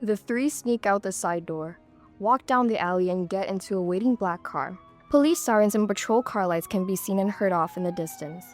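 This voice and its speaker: A woman narrates a serialized audio story at a middle pitch, steady and clear. Faint music runs beneath her reading. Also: moderate pace. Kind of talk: scripted narration.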